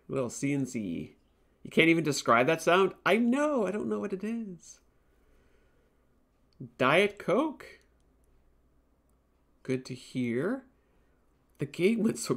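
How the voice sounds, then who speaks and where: A let's play host streams a game live, reacting aloud, laughing easily and chatting with viewers about snacks and drinks. His voice is on the high side, very animated and fairly bright, and he speaks unhurriedly.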